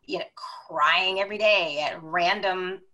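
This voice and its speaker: A woman guest on a podcast, telling her own story candidly and with emotional, expressive delivery. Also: lowish voice, unhurried, highs cut off. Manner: emotional, expressive, animated retelling.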